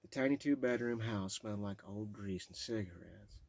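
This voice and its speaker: A man's voice: on the low side, moderate pace, creaky, darkish tone, dry recording. A man reading his own memoir aloud, raw and profane, stumbling and stopping when memories overwhelm him.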